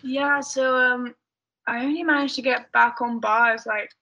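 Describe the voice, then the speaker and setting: Chatty English woman, bright voice. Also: a little high, fairly even intonation, a little slow, gravelly, dull audio. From United Kingdom. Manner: chatty, rambling with many fillers. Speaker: guest. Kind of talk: casual chat.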